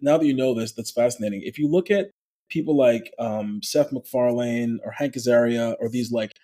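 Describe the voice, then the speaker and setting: A man, a voice actor, talking as a guest in a conversational interview, explaining with lively, demonstrative energy. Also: mid-range voice, moderate pace.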